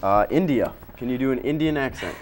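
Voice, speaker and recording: A young man hosts a casual student news interview at a quick clip. He jokes around and rambles, filling gaps with ums and likes. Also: mid-range voice, animated, slight background noise. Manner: joking, quick and rambling with fillers. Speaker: student news show host.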